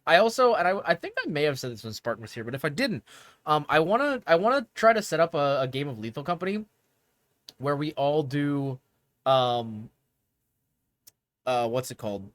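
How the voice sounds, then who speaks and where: Animated young man chatting on stream. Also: fairly high pitch, normal speed, pauses often, dry recording. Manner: animated, rambling, laughs often. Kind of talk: casual stream chat.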